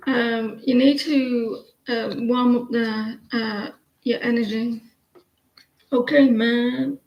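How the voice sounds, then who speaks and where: A woman's voice: a little high, a little mellow. A middle-aged woman doing a casual live-stream tarot reading, blunt and rambling as she chats with viewers. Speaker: tarot card reader. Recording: roomy echo.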